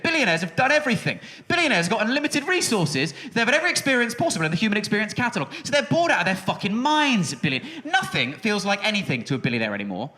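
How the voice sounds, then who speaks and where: Ranting young comedian on stage. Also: male voice, sits high, pushed and bright. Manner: exasperated ranting, swears freely, sudden drops to muttered asides. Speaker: stand-up comedian. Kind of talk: stand-up comedy routine. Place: music hall stage with live audience. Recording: live show with audience noise.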